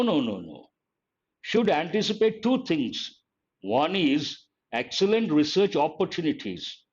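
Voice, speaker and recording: An older man with an Indian English accent teaching an online grammar lesson, emphatic and repeating key phrases slowly. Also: fairly high pitch, darkish tone. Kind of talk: online exam-prep lesson. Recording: slightly dull lo-fi audio.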